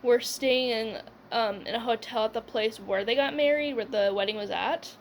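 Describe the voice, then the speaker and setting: A woman's voice: fairly high pitch, moderate pace, slight background noise. A young woman telling a personal story in a casual, rambling way, with lots of "like" and "whatever" and laughs along the way.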